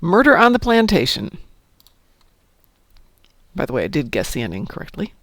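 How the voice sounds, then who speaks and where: A woman's voice: deep voice, wildly swooping pitch, normal speed, a bit bright, no room sound. A woman streaming a game, chatting casually, telling stories and cheering at the game. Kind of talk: casual chat while gaming.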